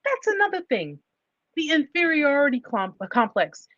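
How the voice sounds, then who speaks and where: A woman's voice: high-pitched, very animated, moderate pace, a bit bright, no room sound, dull audio. A woman hosting a livestream advice talk, speaking emphatically and driving points home with repeated rhetorical questions. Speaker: livestream host.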